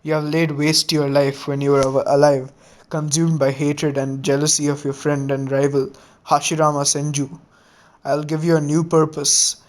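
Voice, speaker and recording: A man reading as a calm young village leader. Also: a little high, moderate pace, natural voice. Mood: firm.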